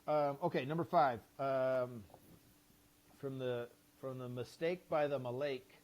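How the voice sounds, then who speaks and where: A man's voice: mid-range voice, steady tone, slow pace, muffled recording. A man who is a podcast guest, chatting casually in a rambling, enthusiastic way with many fillers and swears. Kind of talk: casual chat.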